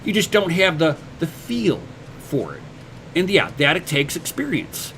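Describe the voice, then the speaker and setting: A man's voice: fairly high pitch, huge pitch swings, measured pace, fairly bright tone, slight background noise. A man hosting a casual livestream, answering viewer comments with blunt motivational advice, swearing casually and stumbling over repeated words as he starts sentences. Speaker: livestream host.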